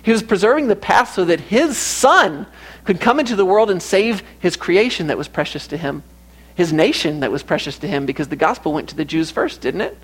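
High-voiced earnest male preacher. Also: lively intonation, brisk, a bit bright, breathy edge. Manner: earnest, repeats phrases for emphasis. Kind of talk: sermon.

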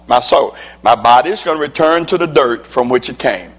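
A man's voice: mid-range voice, animated, fairly quick, fairly bright tone. A man, a preacher and legislator, giving a motivational speech to an audience with slides, in an emphatic preaching cadence that repeats key lines.

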